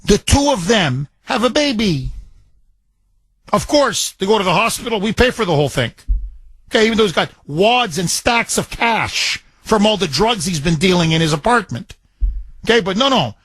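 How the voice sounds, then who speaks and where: A man's voice: high-pitched, sing-song, normal speed, fairly bright tone, breathy edge, no room sound. A man hosting a political talk radio show, ranting in an indignant, emphatic way into a studio mic.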